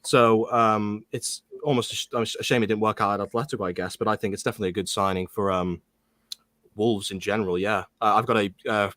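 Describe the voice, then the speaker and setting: A man's voice: on the low side, fairly even intonation, fast, fairly bright tone, dry recording, studio quality. A man speaking as a guest on a football chat stream, hesitant, with frequent "um"s and restarts.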